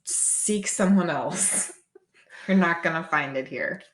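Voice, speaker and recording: Taking it slowly in a lowish voice, a young massage therapist co-hosts a podcast, spinning casual stories with swearing and acted-out quotes. The recording sounds roomy and echoey.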